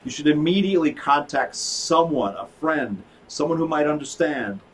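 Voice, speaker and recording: A man's voice: a little high, normal speed, slightly rough. A man, hosting a live broadcast, chatting in a rambling, joking way with restarts. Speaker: host, psychologist. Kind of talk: casual chat on a live broadcast. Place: office. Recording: from far off, faint noise.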